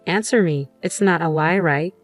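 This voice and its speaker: A woman reading a story puts on an arrogant young woman who sneers and snaps. The voice sits low but is pushed up into a sharp, scornful tone. Faint music plays softly behind her. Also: moderate pace, close to an everyday voice. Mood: frantic. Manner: scornful, snapping.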